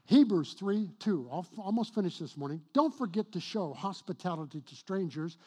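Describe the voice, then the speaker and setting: A middle-aged male pastor preaching a sermon, telling a personal story with a husky voice that swings from hushed to loud and emphatic. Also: high-pitched, lively intonation, normal speed, few pauses.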